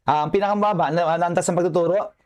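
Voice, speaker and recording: A man's voice: high-pitched, fairly even intonation, very fast, a little mellow. A man with a Filipino accent giving a nursing lecture online, joking and chatty, and constantly checking in with his students. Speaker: nursing professor.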